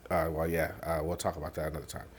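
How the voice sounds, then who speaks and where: Deep-voiced man telling a hard story. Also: flat delivery, slightly rough. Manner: halting, many fillers and restarts; softens and drops low on painful parts. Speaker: podcast host. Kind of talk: candid personal storytelling.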